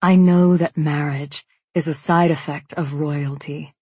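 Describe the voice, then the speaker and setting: Slow husky woman narrating. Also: sits low, steady tone, mellow, no echo. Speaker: audiobook narrator. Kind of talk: first-person fiction narration.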